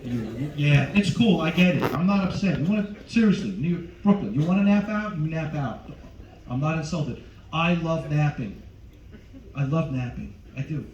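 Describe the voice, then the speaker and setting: A male comedian works the crowd on a cruise ship stage, teasing them loudly, his slightly high voice jumping up in pitch. He sounds far from the mic in an echoey room. The sound is dull, with audience noise clearly heard behind him. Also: expressive, moderate pace. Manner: loud, teasing crowd work with sudden jumps in pitch. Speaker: stand-up comedian. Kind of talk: stand-up comedy set.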